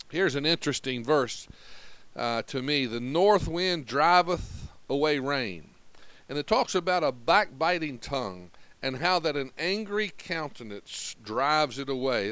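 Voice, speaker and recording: A man's voice: a little high, a bit bright, clean tone, rough recording. A man preaching a sermon in an earnest, conversational manner, walking through Bible verses. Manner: earnest, conversational Bible teaching with acted-out quotes.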